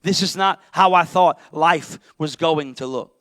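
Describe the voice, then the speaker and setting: A middle-aged male pastor preaching an impassioned sermon, swinging from shouts down to near-whispers. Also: a little high, a little slow, no room sound.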